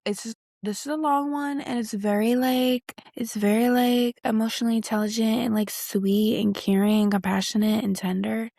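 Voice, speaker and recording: A woman's voice: on the high side, fairly even intonation, normal speed, gravelly, few pauses, mellow, no room sound, studio quality. A young woman hosting a podcast, chatting casually in a rambling, slangy way, reacting to clips. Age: young adult. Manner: rambling, slangy, many fillers and restarts. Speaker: podcast host.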